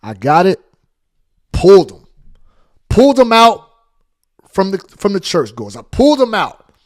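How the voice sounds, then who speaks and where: Man, storytelling monologue, high voice, very lively pitch, repeats lines for emphasis. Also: measured pace. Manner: animated, acts out quotes with big pitch jumps.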